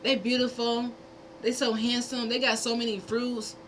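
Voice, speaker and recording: A smug colonial explorer sizes up the people around him with greedy condescension, as a woman mocks him. The voice stays bright and fairly high, with a thin sneer laid over it. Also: little pitch movement, normal speed, a little hiss or hum, lightly acted, poor audio. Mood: mocking. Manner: mocking, condescending.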